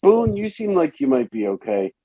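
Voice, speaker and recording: A man's voice: high voice, big pitch swings, normal speed, crowd noise. A man voicing a guarded fifteen-year-old from a poor neighborhood, hesitant and humming before he answers, in a tabletop role-play game. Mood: doubtful.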